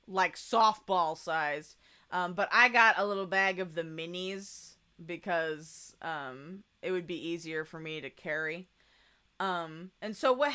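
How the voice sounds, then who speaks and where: A woman's voice: mid-range voice, pushed and bright, smooth. A young woman chatting casually in a travel vlog voice-over, rambling with lots of fillers. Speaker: vlogger.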